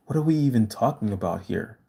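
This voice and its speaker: A man's voice: on the low side, gravelly, mellow, breathy edge. A man hosting a casual livestream, reading viewer comments aloud and answering them in an earnest, emphatic way.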